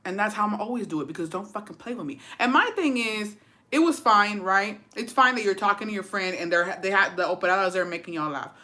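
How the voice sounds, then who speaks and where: A woman's voice: mid-range voice, fast, pushed and bright. A woman casually telling a story on her livestream, brash and profane, slipping Spanish phrases into her English. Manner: brash, profane and sassy, calling listeners "bitch" and "besties". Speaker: livestream host.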